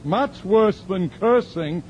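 A man's voice: high-pitched, lively intonation, takes it slowly, a little mellow, lo-fi sound, a little hiss or hum, voice pushed up. Guy doing a worried church lady, voice pushed way up, hesitant and pleading. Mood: troubled. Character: anxious middle-aged woman church member, fretful.

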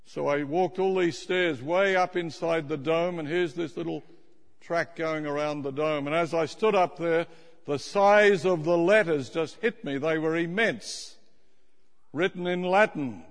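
Male preacher, unhurried and emphatic, playful with the congregation, recorded in a reverberant hall. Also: a little high. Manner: emphatic, slowing to stress key words, teasing the congregation. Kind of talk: sermon.

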